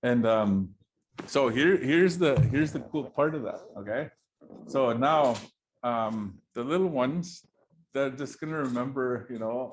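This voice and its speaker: Telling a traditional story aloud to listeners, a man speaks in an unhurried mid-range voice. He keeps it loose and chatty, laughs a lot, and keeps asking "right?" and "you know?" to check in.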